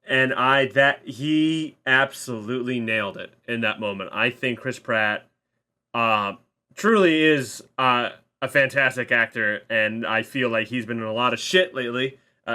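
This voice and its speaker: Bright-voiced man rambling about movies. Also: medium pitch, normal speed. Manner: rambling, restarts sentences, casual swearing. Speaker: guest. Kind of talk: casual spoiler chat.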